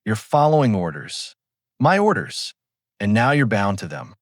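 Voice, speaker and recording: A man voicing a calm, commanding, cruel spirit in the fog that knows too much. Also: on the low side, a little slow, no room sound, studio quality. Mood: menacing.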